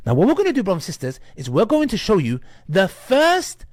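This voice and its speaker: A man's voice: sits high, huge pitch swings, brisk, no echo, clean studio sound. A man addressing his online audience, emphatic and mocking.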